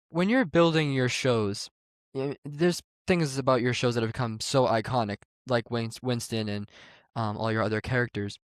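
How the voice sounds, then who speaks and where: A man's voice: medium pitch, dry recording, clean studio sound. A man hosting a casual interview, laughing along with his guest and asking long questions. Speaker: interview host.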